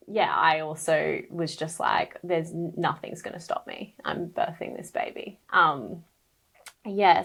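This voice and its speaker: A woman's voice: deep voice, creaky, fairly bright tone. A woman speaking as a podcast guest, sharing a personal story in a casual, chatty way, full of fillers and open emotion.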